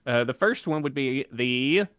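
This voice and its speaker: Male co-host with a smooth tone, dry and close-miked, deadpan jokes. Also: medium pitch, a little slow, no room sound. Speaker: podcast co-host. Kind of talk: playful improvised podcast banter.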